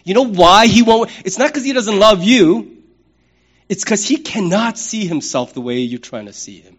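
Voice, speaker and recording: A middle-aged man preaching a sermon as pastor, conversational and humorous, with lively acted-out asides. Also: sits high, normal speed, highs cut off.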